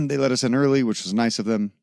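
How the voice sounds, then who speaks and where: A man's voice: mid-range voice, expressive, quick pace, creaky, darkish tone, no echo, clean studio sound. A man co-hosting a gaming podcast, chatting loosely in a rambling way and swearing now and then. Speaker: podcast co-host. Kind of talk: casual chat.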